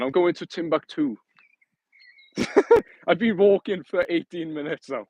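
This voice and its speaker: Joking young streamer, dry sound. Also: male voice, a little high, unhurried, darkish tone, no room sound, low-quality recording. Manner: chatty, joking, reads and answers viewer comments. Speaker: live streamer. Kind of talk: casual live-stream chat. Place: outdoors, walking.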